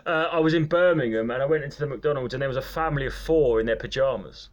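A man's voice: medium pitch, fast talker, lo-fi sound. A man, a comedian, grumbling and telling anecdotes in casual podcast chat, swearing freely.

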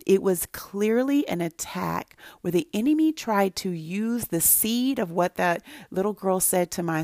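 A middle-aged woman delivers an earnest, faith-based teaching, building her points through emphatic repetition. Her voice sits low and carries a gravelly fry. The sound is close and dry, with no room around it. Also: darkish tone, no echo. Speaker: Christian speaker to mothers.

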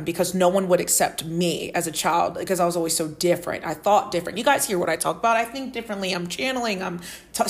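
Earnest woman podcaster, emotional and rambling. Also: fairly low pitch. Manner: emotional, tearful and laughing at once; earnest, rambling with many fillers. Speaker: podcast host. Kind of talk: solo podcast monologue.

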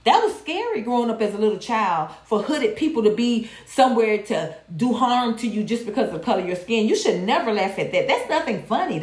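Woman on a livestream, cussing and real blunt, kinda echoey room. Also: fairly high pitch. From Georgia, USA. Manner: blunt, profane and animated, reading viewer comments. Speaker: livestream host. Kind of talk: candid casual commentary. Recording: roomy echo.

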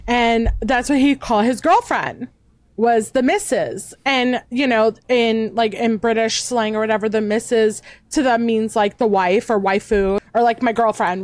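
Woman vtuber guest rambling along, kinda high voice, dead dry mic. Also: no echo. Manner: chatty, rambling with fillers and restarts. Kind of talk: casual chat.

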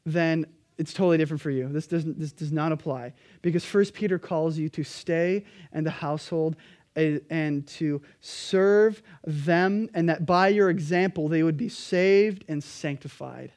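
Male pastor, higher voice, earnest emphatic sermon delivery. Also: measured pace. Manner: emphatic preaching, pleading then quietly earnest.

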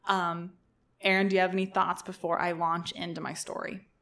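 A woman's voice: fairly low pitch, flat delivery, normal speed, a bit bright. Young adult woman, podcast co-host, casual chatty storyteller with a joking tone. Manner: chatty, jokey, swears casually.

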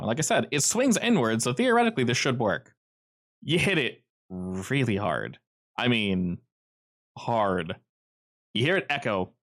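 A man's voice: medium pitch, fairly bright tone. A man running a tabletop game as game master, narrating in a rambling, easygoing way full of fillers.

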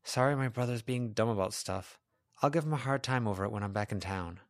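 Guy reading a teen girl, brisk and practical, voice nudged higher, dry close mic. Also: dry recording, lightly acted.

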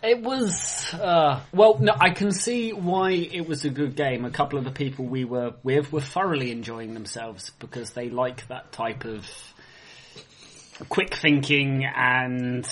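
A man's voice: medium pitch, unhurried, a bit bright. A man co-hosting a casual podcast chat, blunt and jokey, with the odd swear. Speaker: podcast co-host.

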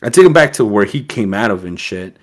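A man co-hosting a podcast, telling a profane, animated story in casual chat. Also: lowish voice, brisk. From East Coast US. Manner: profane, animated storyteller, acts out quoted voices. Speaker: podcast co-host.

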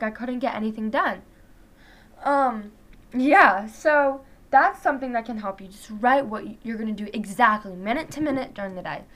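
A woman's voice: sits high, fairly bright tone. A teenage girl chatting casually in a vlog, rambling and peppering her talk with "like". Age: teens. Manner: rambling, full of "like" fillers. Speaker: vlogger.

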